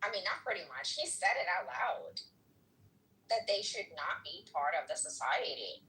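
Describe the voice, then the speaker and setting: A woman's voice: on the low side, expressive, normal speed, pushed and bright, recorded from a distance, poor audio. A woman in a casual political chat, talking in an outraged, exclaiming way.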